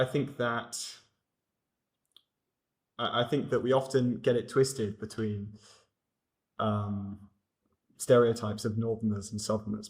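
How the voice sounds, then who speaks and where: A young man from England, a guest in a casual discussion, speaking thoughtfully with hesitant restarts. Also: on the low side.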